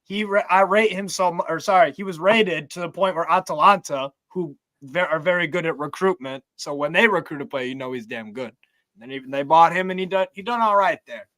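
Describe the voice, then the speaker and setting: A man's voice: a little high, brisk, sharp tone, dry recording. A man on a football fan podcast panel, opinionated and talking tactics. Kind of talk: casual fan podcast debate.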